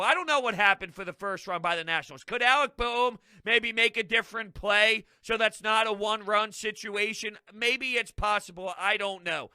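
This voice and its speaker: A young man hosting a fan video, ranting loudly and with exasperation as he recaps a baseball game. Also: sits high, dry recording. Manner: exasperated, loud, frequently shouting. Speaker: sports fan video host.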